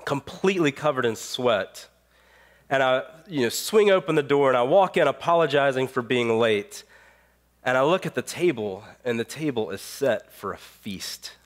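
A man in his thirties preaching a sermon as pastor, telling a personal story in a relaxed way with frequent fillers, while under the weather with a cold. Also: medium pitch. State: has a cold. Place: church sanctuary.

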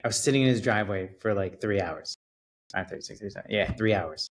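A man guest on a podcast, telling a story in a casual, animated way, swearing and acting out what people said. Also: fairly low pitch, fast talker. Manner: animated storyteller, acts out quotes, swears, laughs. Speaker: realtor guest.

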